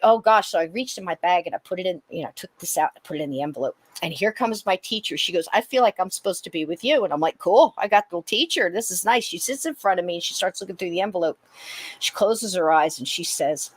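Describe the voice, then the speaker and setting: A woman hosting a podcast, telling a personal story in a lively way and acting out the dialogue. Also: fairly low pitch. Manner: animated, acts out dialogue with laughs. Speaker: podcast host. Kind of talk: casual storytelling chat.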